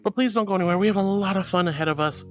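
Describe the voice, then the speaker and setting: A woman's voice: mid-range voice, very fast, soft background music. A woman streamer chatting casually with viewers and reading out their messages, bubbly and affectionate, with playful giggles. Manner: bubbly and affectionate, calls viewers sweetheart and honey; playful, with frequent giggles and squeals. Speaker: VTuber streamer.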